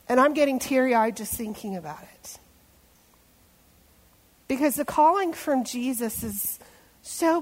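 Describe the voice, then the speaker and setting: A woman pastor preaching a sermon, telling a story and acting out voices, sometimes dropping to a hushed tone. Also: fairly high pitch. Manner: storytelling, acts out voices, drops to hushed tones. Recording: long hall reverb.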